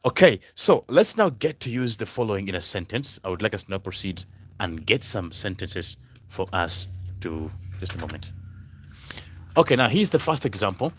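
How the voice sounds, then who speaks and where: A deep-voiced man teaches a live online language class, going over each example again and again and spelling words out letter by letter. The sound is dry and close, with no room echo. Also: sing-song, fairly bright tone, slightly rough. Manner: slow, repetitive explaining, spelling out words, greeting viewers. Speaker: German language tutor.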